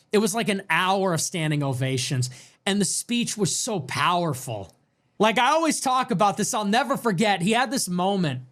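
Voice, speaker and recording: A man giving an emphatic, animated political monologue, full of "like" fillers and restarts. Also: high-pitched. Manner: animated, emphatic, swings between excited and somber. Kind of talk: casual monologue.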